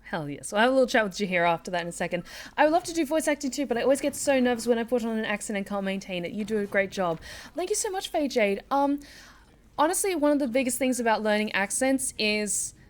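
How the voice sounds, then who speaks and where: A woman's voice: a little high, animated, fast. A woman voice actor chatting on her live stream in a giggly, chatty way. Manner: giggly, chatty, warm-hearted. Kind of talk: casual live-stream chat.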